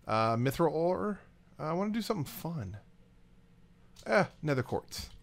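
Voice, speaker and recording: A man giving casual, rambling gameplay commentary as a let's play host, getting excited and chatting to the items he handles. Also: on the high side, unhurried, creaky.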